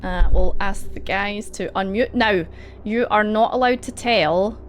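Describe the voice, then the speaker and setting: A woman's voice: medium pitch, a little slow, a little hiss or hum. A woman narrating as game master, hesitating often over fillers and laughing between lines. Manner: hesitant, filler-heavy, giggly.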